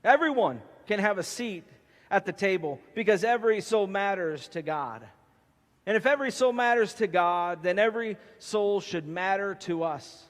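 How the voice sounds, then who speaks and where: A man preaching a sermon as pastor, emphatic and animated with playful asides, in a church sanctuary. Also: high-pitched, moderate pace. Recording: long hall reverb.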